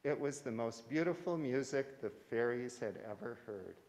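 A man reading a children's story aloud at a church service, gentle and measured. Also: mid-range voice, expressive, big-room sound. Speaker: story reader. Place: church sanctuary.

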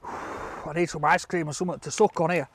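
A man with a Hull accent chatting excitedly to camera as a vlog host, exclaiming a lot. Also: fairly high pitch, brisk, no echo. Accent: Hull, East Yorkshire. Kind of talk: casual vlog chat.

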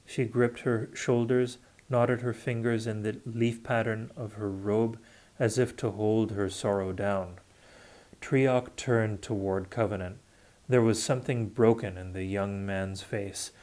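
A man reading a novel aloud, unrehearsed, in a measured and deliberate way. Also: lowish voice, a little mellow. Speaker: audiobook reader. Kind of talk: unrehearsed audiobook narration.

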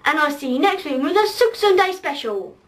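A woman imitating a young male vlogger, upbeat sign-off, whooping, high voice. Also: animated, fairly quick. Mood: cheery.

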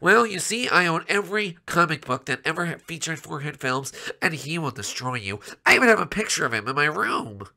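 A man's voice: on the high side, big pitch swings, fairly quick, vocal fry, hardly any pauses, pushed and bright, pitched above the performer's own voice, exaggerated voice. A man voicing a timid, whiny young male sidekick who pleads anxiously, for a game roleplay. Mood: pleading.

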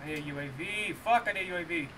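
A man streaming a shooter game, muttering commentary and swearing, with bursts of yelling. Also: racing, background noise. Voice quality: profane, yelling outbursts. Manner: muttering low, then shouting in frustration. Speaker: gamer streamer. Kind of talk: live gameplay commentary. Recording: game gunfire behind voice. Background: gunfire and game sounds.

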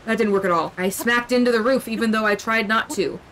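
A woman's voice: a little high, quick pace, a bit bright, soft background music. A young woman streaming a video game, commenting casually in a playful, self-mocking way and talking to herself.

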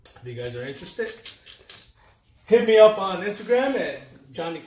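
A man's voice: high-pitched, normal speed, distant mic. Chatty man hosting an unboxing vlog. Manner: relaxed, chatty, trailing off mid-sentence. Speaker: YouTube collector host. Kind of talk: casual unboxing chat. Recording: roomy sound a bit off-mic.

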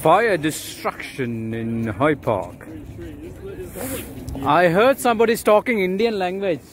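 A man vlogging outdoors in a city park, chatting with passers-by in an excitable way and repeating words and phrases. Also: sits high, slow. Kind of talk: casual vlog chat with passers-by.

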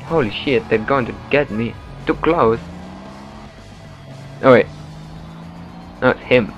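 A man's voice: medium pitch, takes it slowly. A man hosting casual gameplay commentary, joking and blurting out reactions and swears as he drives. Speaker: gaming channel host. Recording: dull, lo-fi mic over game music. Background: game music.

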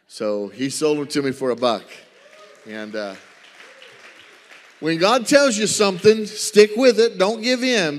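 A man's voice: medium pitch, darkish tone. Southern man telling a mission story. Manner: folksy storytelling, acts out dialogue. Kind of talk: church mission report with slides. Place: church sanctuary. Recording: reverberant church hall.

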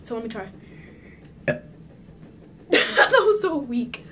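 A woman's voice: a little high, sing-song, slow pace, fairly bright tone, slight background noise. A woman chatting casually in a home vlog, giggly and nervous, talking straight to her viewers. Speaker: vlogger. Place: at home indoors.

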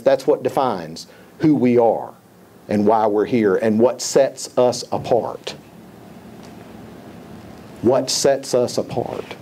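A man preaching from the pulpit, mellow and warm in tone at an ordinary middle pitch. He is emphatic, hammers key phrases through repetition and weaves scripture quotes into his sermon. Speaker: pastor.

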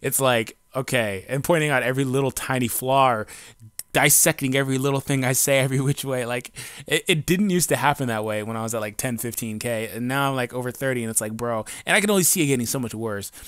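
A man's voice: medium pitch, fast talker, a bit bright, clean tone, no echo, clean studio sound. A grown man, a gaming YouTuber, ranting in casual, slangy talk full of profanity and fillers, blunt and defiant. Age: adult. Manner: loose rambling talk with many fillers. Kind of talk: casual unscripted rant to camera. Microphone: home recording mic.

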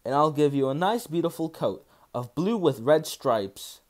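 A man's voice: on the high side, lively intonation, unhurried. A man voicing a kindly, encouraging male engine driver in a storybook reading, with music and birdsong behind. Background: soft background music and birdsong.

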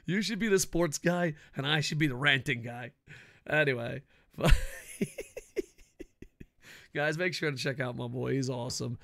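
Cranky, profane man ranting, bright voice. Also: medium pitch, unhurried, gravelly, long pauses, dry recording, clean studio sound. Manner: loud, cranky, swears constantly. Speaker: wrestling commentary vlogger.

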